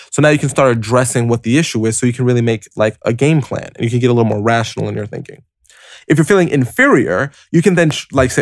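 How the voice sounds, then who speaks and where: A man's voice: mid-range voice, quick pace, dry recording, clean studio sound. A man hosting a motivational podcast, talking casually and directly to the listener with lots of "like" and "you know". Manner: lively, conversational, heavy use of "like" and "you know"; explains step by step, addressing listener directly. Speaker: podcast host.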